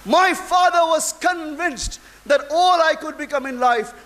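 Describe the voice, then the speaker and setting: A man giving a dramatic, emotional inspirational speech to an audience, full of long pauses. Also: extremely high pitch, bright, forceful tone, low-quality recording. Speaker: public speaker.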